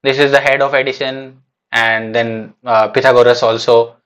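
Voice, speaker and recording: This man's voice is medium-pitched and level, fairly bright, clear and resonant, at a moderate pace. He streams a live reaction to a manga chapter, thinking aloud casually and hesitantly with lots of fillers and restarts.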